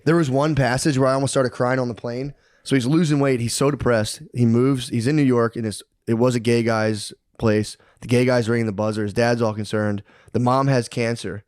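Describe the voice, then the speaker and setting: A man co-hosting a podcast, retelling a book in a rambling, animated way, full of "dude" and "like". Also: mid-range voice, brisk, dry recording, studio quality. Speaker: podcast co-host. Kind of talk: casual chat, retelling a book.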